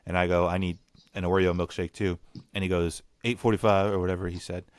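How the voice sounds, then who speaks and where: A man's voice: sits low, flat delivery, a little fast, no echo, clean studio sound. A young man hosting a casual podcast chat, ranting bluntly and swearing. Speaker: podcast host.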